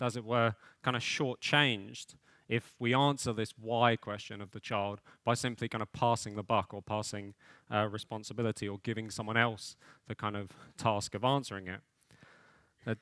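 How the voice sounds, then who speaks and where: A man's voice: medium pitch, fairly bright tone. A man delivers a conference keynote in a mid-range voice. He speaks thoughtfully and hedges often with small fillers. The sound is dry and close, with no room echo. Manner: thoughtful, hedging with frequent fillers. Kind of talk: conference lecture.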